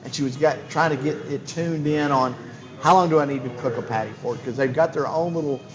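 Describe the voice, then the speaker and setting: A man's voice: fairly high pitch, a little fast, muffled recording, music in the background. A man hosting a casual show from a lounge, telling stories with lots of restarts and enthusiasm. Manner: rambling, enthusiastic storyteller with many restarts. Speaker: host. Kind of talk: casual chat. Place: bar lounge.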